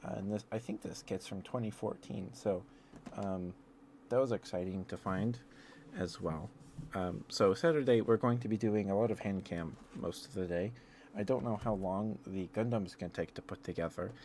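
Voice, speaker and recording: A man streaming ASMR, chatting casually and excitedly with viewers in a rambling, friendly way. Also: lowish voice, slight background noise. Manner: excitable, rambling, with fillers and quick laughs. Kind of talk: casual live-stream chat.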